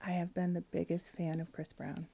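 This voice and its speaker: A woman in her forties tells a personal story on a podcast, candid and emotional. Her voice sits a little low and sounds warm and mellow. She fills gaps with "um" and acts out what people said. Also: flat delivery, moderate pace, vocal fry, breathy edge. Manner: candid, emotional, with frequent fillers and quoted dialogue. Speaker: podcast guest.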